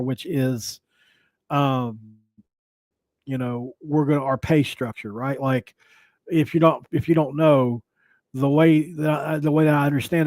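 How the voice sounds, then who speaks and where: A man's voice: fairly high pitch, a little mellow, no room sound. Rambling male sports podcast host. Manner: rambling, restarts, jokey asides. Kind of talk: casual sports podcast commentary.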